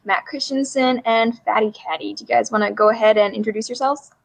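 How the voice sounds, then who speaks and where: A woman's voice: fairly high pitch, steady tone, a little fast, vocal fry, poor audio. A woman hosting a livestream discussion, chatty and hedging with fillers. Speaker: stream host.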